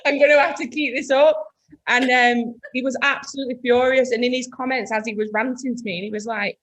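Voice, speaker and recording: Business-owner woman, guest spot, frank lively storyteller who acts out quotes. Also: high voice, brisk. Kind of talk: casual chat.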